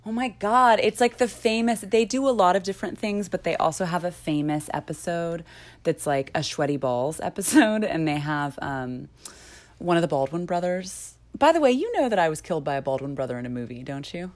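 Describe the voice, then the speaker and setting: A woman's voice: on the low side, animated, brisk. A young woman hosting a podcast in casual chat, talkative and prone to tangents, laughing often. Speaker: podcast host.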